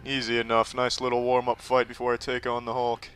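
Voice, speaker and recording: A man's voice: mid-range voice, completely flat delivery, fairly quick, a bit bright, faint music behind. A man giving crude, sarcastic gameplay commentary and talking trash to the enemies in the game. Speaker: gaming commentator.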